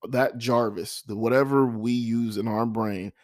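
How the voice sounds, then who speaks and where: A man talking through his thoughts in a reflective personal monologue, earnest and repetitive, with a frog in his throat that he keeps clearing. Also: mid-range voice, steady tone, measured pace, no echo, studio quality. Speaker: vlogger.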